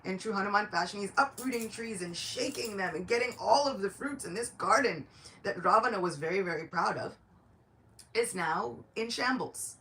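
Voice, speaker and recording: A woman giving a devotional lecture, telling a sacred story in a lively, chatty way. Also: medium pitch, normal speed, a little hiss or hum.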